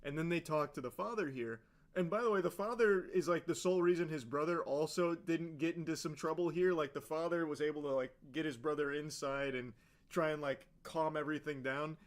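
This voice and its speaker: A man's voice: fairly high pitch, brisk. A man giving casual, sarcastic and profane commentary on a video, with plenty of filler words. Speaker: reaction commentator.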